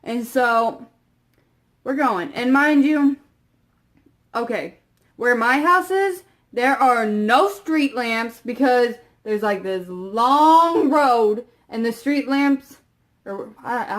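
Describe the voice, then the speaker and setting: A young woman tells a story to her camera at an unhurried pace, her voice sitting a little high. She rambles, piles on fillers and lets her asides drop off quietly. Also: expressive. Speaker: vlogger.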